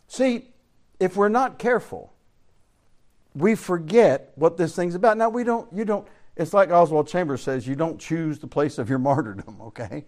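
A man's voice: fairly high pitch, lively intonation, moderate pace, a little mellow. An older man from Central Florida, teaching a Bible class in a preaching style, telling folksy stories, asking rhetorical questions and chuckling often.

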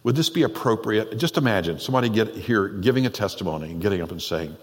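Pastor, man, lowish voice, chatty animated preaching style, echoing sanctuary reverb. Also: fast, hardly any pauses. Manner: conversational, animated, laughs often. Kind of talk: sermon. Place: church sanctuary. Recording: long reverb in a church hall.

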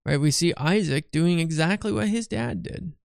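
A man's voice: a little high, normal speed, creaky, a little mellow, no room sound, studio quality. A tired, yawning man teaching a Bible study in a chatty way, often asking "right?" and restarting his phrases.

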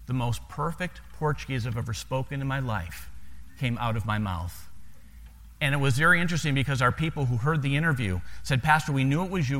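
A man's voice: mid-range voice, sharp tone, long reverb tail. A missionary pastor with an American accent tells stories to a congregation in a folksy way, often repeating words as he starts a sentence. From United States. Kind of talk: sermon storytelling to a congregation.

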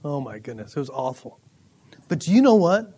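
A middle-aged pastor with a high-pitched voice preaches to his congregation. He tells personal stories in an animated way and breaks into laughter now and then. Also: brisk, slightly rough.

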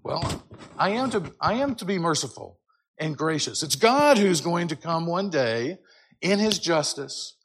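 A man teaching a church class in a conversational way, often checking in with "right?", and reading scripture aloud with loud, drawn-out emphasis. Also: on the high side, slightly rough. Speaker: Sunday school teacher.

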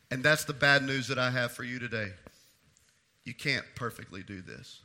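A man pastor preaching a sermon, swinging between loud emphatic declarations and hushed, low asides. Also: normal speed.

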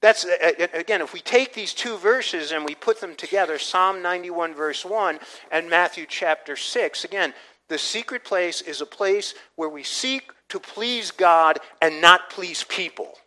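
A man's voice: high voice, unhurried, bright, forceful tone, poor audio. An older man, a pastor, preaching a conversational sermon with frequent restarts and asides. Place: church.

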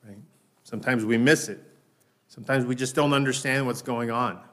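A man preaching a sermon in a conversational way. He often checks in with "right?", slows down on key words and raises his voice to act out lines. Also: medium pitch, fairly bright tone. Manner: raises his voice when acting out Peter's lines. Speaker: pastor.

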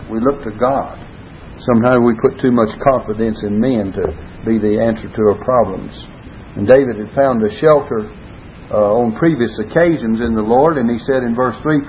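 A man preaching a Bible study sermon, earnestly stressing key words and quoting scripture in old-style wording. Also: normal speed. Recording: phone-like lo-fi recording with faint rumble.

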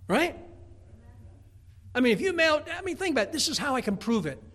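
A middle-aged man, a Baptist pastor, preaching a folksy, emphatic sermon, often stumbling over repeated words and breaking into shouts. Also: extremely high pitch, very animated, brisk. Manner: repeats words when starting a thought.

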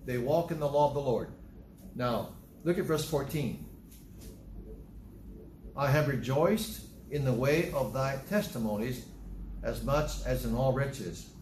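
Animated preacher man in an echoey room. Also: mid-range voice, a little slow, long pauses, slight background noise. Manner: animated, asks the congregation questions. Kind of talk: Bible teaching sermon. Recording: echoey room, faint ambience.

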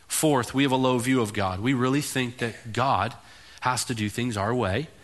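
A male pastor preaches with an animated, conversational energy. His voice is bright and forceful, and he swings between quick asides and emphatic, rising points. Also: medium pitch. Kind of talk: sermon.

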